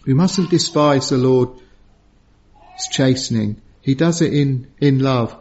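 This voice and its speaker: A man's voice: mid-range voice, takes it slowly, a little mellow. A man preaching an evening sermon to a congregation in an earnest way, often repeating a word while he finds the next. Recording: dull lo-fi sermon recording.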